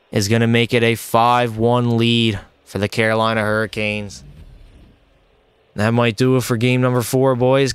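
Young male streamer, excitable frustrated game commentary; clean resonant voice, dry close mic. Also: medium pitch, clear, resonant tone, no echo. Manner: excitable, frustrated, addresses chat as boys. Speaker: streamer playing a hockey video game. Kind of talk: live gameplay commentary.

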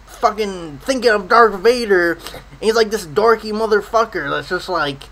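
A man's voice: sits high, moderate pace, a bit bright, slight background noise, poor audio. A man in a profane comedic rant, swearing constantly and stammering over his words. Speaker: comedy ranter.

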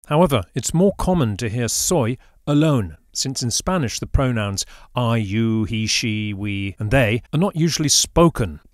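An unhurried, expressive man with a medium-pitched voice delivers a scripted Spanish lesson in studio-quality audio with no room sound. His explanations are patient, and he carefully models the pronunciation of each example word.

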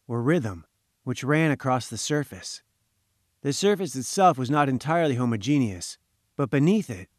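Male audiobook reader, mid-pitched, dry close sound, measured first-person telling. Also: dry recording. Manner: measured, even storytelling. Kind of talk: scripted first-person story narration.

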